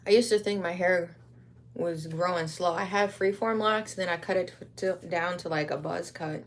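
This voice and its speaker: A woman's voice: on the low side, steady tone, moderate pace, slight background noise. A young woman from Wisconsin chatting casually on a livestream while she crafts, rambling in slang.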